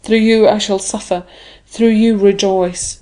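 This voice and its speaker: Audiobook: woman reader voicing a grave nobleman, low, mellow, measured. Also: steady tone, lightly acted. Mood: solemn. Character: grave older nobleman, solemn and brooding.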